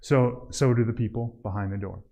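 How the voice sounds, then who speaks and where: A man teaching a church group how to make home visits, talking casually and acting out doorstep scenes in a raised, lively voice. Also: mid-range voice, normal speed, vocal fry, highs cut off. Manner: admits he mumbles when tired. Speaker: church outreach trainer. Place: church hall.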